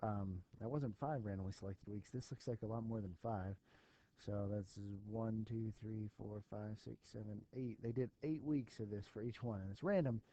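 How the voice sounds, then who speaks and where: Mellow man teaching a stats lesson. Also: on the low side, moderate pace, low-quality recording. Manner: thinking aloud with fillers, talking to students. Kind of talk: recorded math lesson walkthrough.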